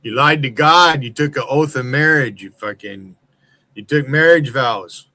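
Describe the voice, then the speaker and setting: A man's voice: mid-range voice, unhurried, sharp tone. A man from the United States hosting a livestream, ranting in a heated, profane, accusatory way. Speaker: livestream host. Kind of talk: angry profane rant.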